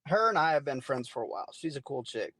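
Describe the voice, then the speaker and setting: A man's voice: medium pitch, big pitch swings, quick pace, pushed and bright, slightly rough, no room sound. A man co-hosting a podcast in casual chat, blunt and joking with emphatic remarks. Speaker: podcast co-host.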